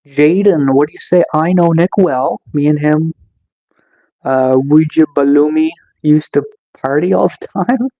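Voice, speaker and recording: A man casually chatting on a livestream, reading chat and answering slowly with lots of fillers, just getting over a cold. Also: a little high, mellow, low-quality recording. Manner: slow, laid-back, chill delivery with many fillers. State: recovering from a cold.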